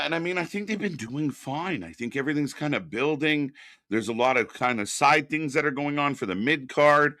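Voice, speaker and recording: This man's voice is mid-range, bright, and forward as he co-hosts a relaxed live wrestling reaction stream. He often breaks off to welcome people from the chat by name, and the audio is dry and close-miked with no echo.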